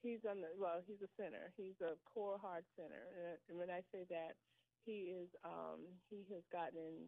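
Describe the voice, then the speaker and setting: A middle-aged woman calling in to a radio show by telephone, hesitant and halting, with many ums and restarts. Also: fairly low pitch, gravelly, no echo. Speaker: caller. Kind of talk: phone-in conversation. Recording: tinny phone line.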